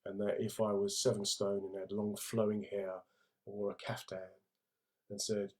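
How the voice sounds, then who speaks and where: A man's voice: lowish voice, monotone, normal speed. A middle-aged man with a London accent talks through a casual livestream. His manner is laddish and jokey, and he breaks off to read and answer viewer comments in a chatty way. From England. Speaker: comedian hosting a livestream.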